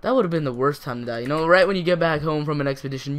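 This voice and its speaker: A teenage boy casually commenting on his own gameplay, talking to himself in a rambling way with sudden excited outbursts. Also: fairly high pitch, rapid-fire. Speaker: gaming channel host.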